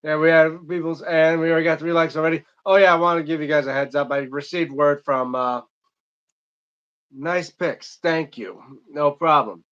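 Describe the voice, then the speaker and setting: A man's voice: fairly high pitch, steady tone, normal speed, a bit bright, clean tone, lo-fi sound. A young man from Michigan hosting an unscripted live stream, reading chat comments aloud and answering them in a rambling, casual way.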